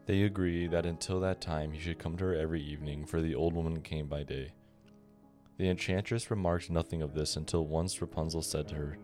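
Man with a super low voice reading a fairy tale to fall asleep to, calm and steady, quiet guitar behind. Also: brisk. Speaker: podcast storyteller. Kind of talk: bedtime story narration. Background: soft guitar music.

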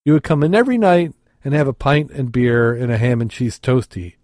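A man's voice: medium pitch, animated, fairly quick, darkish tone, dry recording, clean studio sound, close to an everyday voice. A man voicing a matey, wheedling male pub barman in a told joke. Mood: eager.

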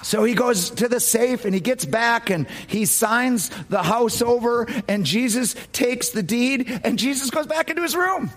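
A male pastor delivering a sermon through dramatic storytelling. His voice sits high and swings widely in pitch. He often sinks to a low, hushed tone for emphasis. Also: lively intonation, a little slow, few pauses. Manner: dramatic storytelling, dropping to low quiet tones.

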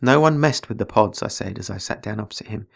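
A man reading his own story aloud, voicing a steady, reasonable male spaceship engineer who calmly placates a shipmate. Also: fairly low pitch, fast talker, creaky. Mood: reassuring. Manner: calm, placating. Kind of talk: author reading own fiction.

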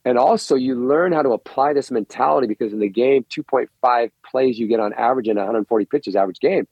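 A middle-aged man, a coaching guest on a podcast, telling stories in an excitable, rambling way and often repeating words. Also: medium pitch, quick pace, husky, no echo. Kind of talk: animated storytelling interview. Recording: dull, lo-fi, dry recording.

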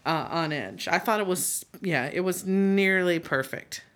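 Woman, somewhat low voice, casual chat, lively storyteller, salty language. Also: unhurried. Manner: animated storyteller who swears casually.

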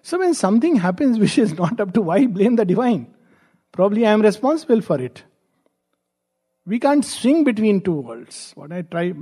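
A man giving a spiritual discourse, reflective and gently humorous, posing rhetorical questions to his listeners. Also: sits high, breathy edge. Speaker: spiritual teacher.

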